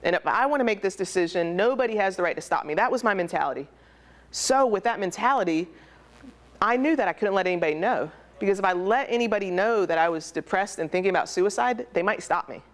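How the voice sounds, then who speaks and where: A woman's voice: mid-range voice, animated, quick pace. A young woman speaking candidly and emotionally at a conference, telling a personal story in a conversational way. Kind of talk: personal testimony talk. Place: conference hall.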